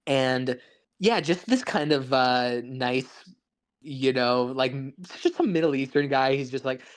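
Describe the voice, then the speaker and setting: This man co-hosts a podcast and talks films in a loose, rambling way, frequently restarting and laughing along with the others. He speaks a little slowly in a medium pitch.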